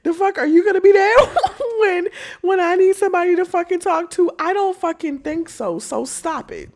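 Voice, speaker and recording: Speaking at a normal speed, this young podcast host has a very high, somewhat mellow voice. Her casual rant is loaded with cursing and laughter as she makes fun of the people she brings up.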